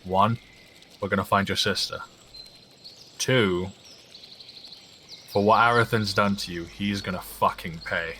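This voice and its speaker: A man playing his character in a tabletop game, earnest and reassuring, speaking deliberately. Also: low voice, steady tone, sharp tone, slight background noise. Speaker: player.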